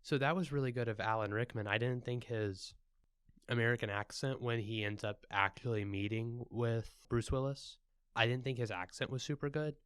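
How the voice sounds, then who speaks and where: A man's voice: mid-range voice, fairly even intonation, moderate pace, a bit bright, smooth, no echo, clean studio sound. A young man co-hosting a podcast, laid-back and joking, with the odd crude aside. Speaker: podcast co-host. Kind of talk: casual chat.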